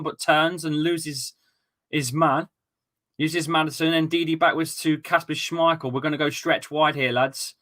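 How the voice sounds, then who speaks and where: A young man with a bright, forceful voice calls a football match live for his viewers, chatting and reacting. He gets excitable and sometimes bursts into shouts and swearing. His pitch sits a touch high. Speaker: football watchalong host. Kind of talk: live match commentary and chat.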